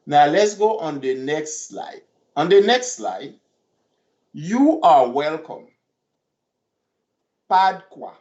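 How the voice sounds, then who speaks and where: A man teaching a language lesson online, repeating phrases slowly and breaking them into syllables. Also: a little high, lively intonation, darkish tone, echoey room. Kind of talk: slow language lesson, modeling pronunciation. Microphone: computer mic on a video call. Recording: dull lo-fi online class audio.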